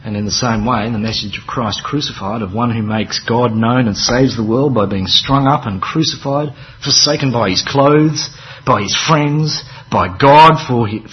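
A man's voice: mid-range voice, lo-fi sound. A man preaching a sermon in a conversational, wry way, with dramatic emphasis and offhand asides.

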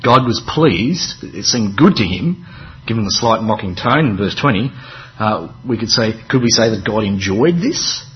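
A man's voice: on the low side, lively intonation, moderate pace, muffled recording. A man preaching a sermon in a conversational, wry way, with dramatic emphasis and offhand asides.

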